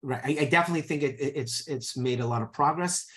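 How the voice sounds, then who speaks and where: A man's voice: on the high side, a bit bright. A man hosting a podcast, asking long questions with frequent restarts. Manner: halting, many restarts, thinking aloud. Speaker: podcast host. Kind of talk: podcast interview.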